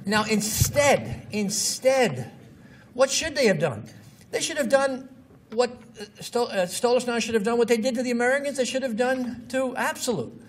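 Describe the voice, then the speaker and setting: A man with a notably high voice gives a casual lecture with blunt, scoffing asides. He sits some distance from the mic, and a faint hiss runs under the recording. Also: a little fast. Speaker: marketing lecturer. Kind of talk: informal lecture with examples.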